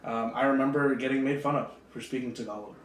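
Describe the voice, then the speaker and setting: A young man hosting a podcast, upbeat and animated, laughing easily as he chats. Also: medium pitch, fast talker, slight background noise. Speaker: podcast host. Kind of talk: casual chat. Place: podcast studio room. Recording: roomy audio from a distant camera mic.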